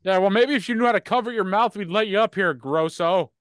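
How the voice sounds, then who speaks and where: A man's voice: high voice, fast, fairly bright tone, clean tone, no room sound, clean studio sound. A man co-hosting a comedy podcast in casual chat, joking, swearing and laughing often. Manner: joking, swearing, laughing often, reads quotes in mock voices. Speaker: podcast co-host.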